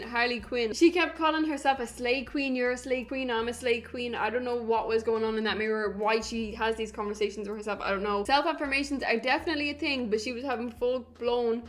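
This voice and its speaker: A woman hosting a casual reaction commentary, blunt and opinionated, swearing freely. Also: a little high. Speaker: reaction channel host.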